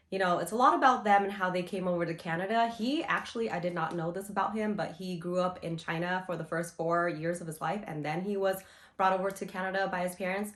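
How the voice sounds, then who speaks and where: A woman's voice: on the low side, a bit bright. A young woman chatting casually in a book review, gushing and rambling with lots of "you know" and "like". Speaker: book vlogger. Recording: roomy echo.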